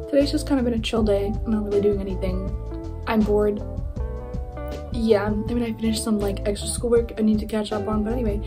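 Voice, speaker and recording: A young woman in her late teens with a raspy voice, talking quietly at home in a casual, rambling chat while showing her sketchbook. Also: fairly high pitch. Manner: quiet, hushed, rambling with fillers. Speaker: art vlogger. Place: at home indoors.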